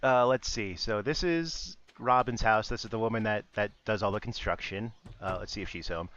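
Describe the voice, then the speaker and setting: A man's voice: lowish voice, moderate pace, a bit bright, slight background noise. A young man casually chatting while streaming a game, explaining things easily and laughing often. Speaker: podcast co-host streaming a game. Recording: slightly dull audio with faint music.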